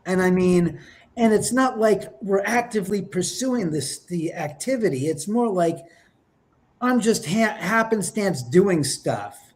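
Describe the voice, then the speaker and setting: A man telling paranormal stories in an interview, lively and acting out the voices he quotes. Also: high-pitched, a little slow. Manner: lively, acts out quotes with whispers and exclamations. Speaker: paranormal investigator guest. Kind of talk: animated storytelling in an interview.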